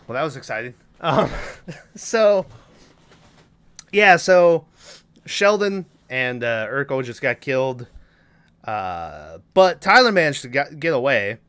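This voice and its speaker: A man's voice: mid-range voice, sing-song, takes it slowly, long pauses, a bit bright, smooth. A man co-hosting a podcast, recapping a movie plot casually, swearing often and giggling. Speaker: podcast co-host.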